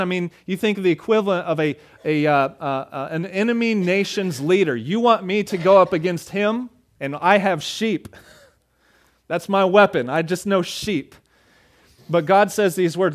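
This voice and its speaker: Pastor, male, slightly high voice, casual sermon delivery, acts out the dialogue. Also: moderate pace. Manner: conversational preaching, acts out dialogue.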